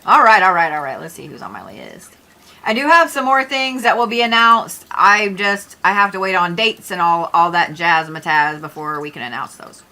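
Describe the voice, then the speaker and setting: A chatty young woman talks to her livestream viewers, rambling from one thing to the next and dropping the odd swear word. Her voice comes across bright and forward, close on a desk mic. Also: on the low side, expressive, normal speed. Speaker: livestream host, astrology reader. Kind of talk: casual livestream chat.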